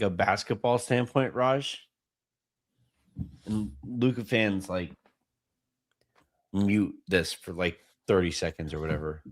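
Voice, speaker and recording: A man co-hosting a sports podcast, chatting casually in an emphatic, rambling way and telling stories to make his point. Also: on the low side. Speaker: podcast co-host. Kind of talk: casual sports recap chat.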